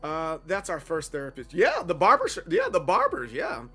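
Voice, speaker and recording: A man in his thirties chatting casually on a gaming livestream, animated and playfully dramatic. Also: high voice, normal speed, vocal fry, husky, soft background music. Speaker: streamer.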